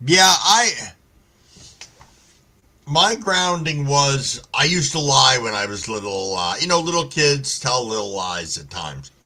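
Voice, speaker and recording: A man's voice: medium pitch, very animated, slow pace, sharp tone. A man hosting a casual live stream, telling stories in a laid-back way with lots of swearing and greeting viewers by name. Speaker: livestream host reading chat.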